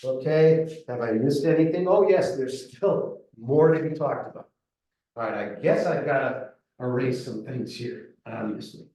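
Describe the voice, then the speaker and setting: A man's voice: mid-range voice, measured pace, warm tone, recorded from a distance, slight background noise. A man teaching a math lesson at a whiteboard, counting aloud as he works and checking in with "right?" as he goes. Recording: echoey room, voice from afar.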